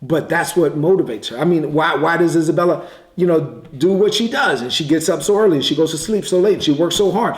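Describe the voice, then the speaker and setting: A man preaching in a conversational way, telling a story with quick bursts and repeated words. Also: fairly high pitch. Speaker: pastor. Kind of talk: sermon storytelling. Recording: echoey room.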